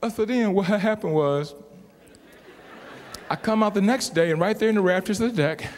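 A middle-aged man, a motivational speaker, telling a comic story to a live audience in an animated, exaggerated way with sudden yelps. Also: high-pitched, normal speed.

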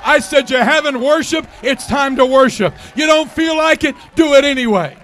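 A man in his sixties preaching a fervent Pentecostal sermon in a church, often shouting and calling for responses. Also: very high voice, moderate pace, few pauses, soft background music. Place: church sanctuary.

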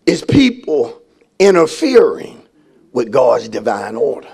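A male pastor a sermon with call-and-response, building to shouted emphasis. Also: very high-pitched, big pitch swings, a little slow, gravelly, a faint crowd.

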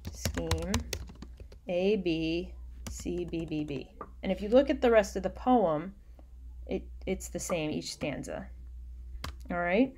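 A woman teacher giving a recorded online lecture, explaining patiently and often dropping into quiet muttering as she works. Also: on the low side, slight background noise.

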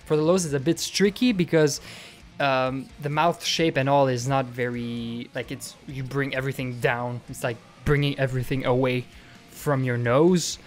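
Brief: young man, casual tutorial talk, mid pitch, faint music behind. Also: fairly even intonation, moderate pace. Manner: explains with many fillers and "okay?" check-ins. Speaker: vocal tutorial creator.

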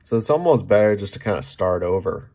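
A man giving a casual painting demonstration, chatting as he mixes paint, often checking in with "okay?" and trailing off softly mid-task. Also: lowish voice, big pitch swings, brisk. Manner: talks while mixing paint, trailing off softly. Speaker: painting instructor.

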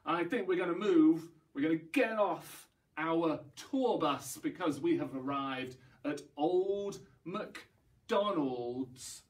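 A man's voice: on the high side, far from the mic. A man leading an online library song session for young children, with a cheerful, encouraging manner. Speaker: library rhyme-time leader. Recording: voice away from mic.

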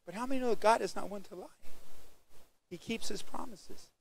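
A male pastor preaching a sermon, animated and calling out to the congregation for responses. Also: high voice, moderate pace, creaky, slightly rough.

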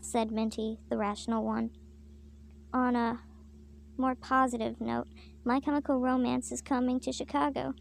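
A woman reads a parody fanfiction aloud with deadpan detachment. Her voice sits a bit high, with a gravelly fry and almost no melody. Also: moderate pace, slight background noise. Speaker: fanfiction reader.

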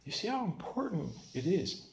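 An older man preaching a sermon as pastor, telling stories with lively, self-mocking humor. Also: high voice, normal speed, gravelly, a little hiss or hum.

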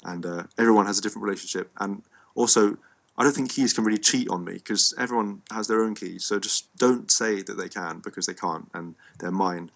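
A man's voice: lowish voice, fairly quick, gravelly, fairly bright tone. An English man with a cold, teaching an online music lesson in a rambling, playful way with frequent ums. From England. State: has a cold.

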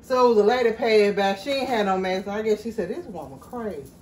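A woman's voice: medium pitch, quick pace, darkish tone, slight background noise. A woman chatting casually with her viewers while she cooks in her home kitchen, laughing easily and calling them y'all. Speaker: cooking vlogger. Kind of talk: casual cooking vlog chat.

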